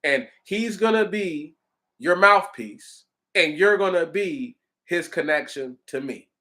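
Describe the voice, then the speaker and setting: A man's voice: on the high side, lively intonation, slow, sharp tone, voice pushed up, full character voice. A man voicing God as an exasperated, plain-speaking commanding deity, in a casual slangy retelling.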